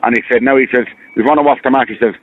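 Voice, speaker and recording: An Irish man speaks fast over a tinny phone line. He rambles, repeats himself and sounds earnest and hurt. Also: medium pitch, steady tone. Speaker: caller. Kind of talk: phone-in radio call.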